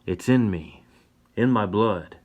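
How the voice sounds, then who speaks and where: A man's voice: lowish voice, expressive, slow pace, darkish tone, muffled recording. A man doing a pleading young cowboy. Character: young cowboy, earnest and peaceable.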